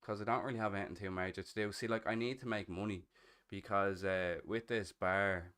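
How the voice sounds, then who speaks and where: Low-voiced Irish man, 30, swearing casually. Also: fairly even intonation, a little fast, a bit bright, clean tone. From Ireland. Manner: slangy, swears freely, chatty and laughing. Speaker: streamer in a role-play game. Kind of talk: casual gaming voice chat.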